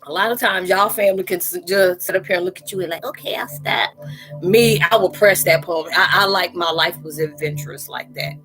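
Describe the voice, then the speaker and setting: A woman hosting a live chat, telling casual stories in an animated, slangy way, often laughing and acting out quoted voices. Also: fairly low pitch, a little fast, hardly any pauses, soft background music, poor audio.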